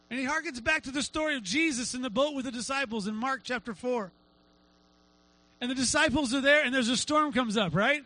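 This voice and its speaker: A middle-aged male pastor preaching a sermon, telling a story with lively acted-out quotes. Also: extremely high pitch, rough recording. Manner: animated storytelling, acts out quotes.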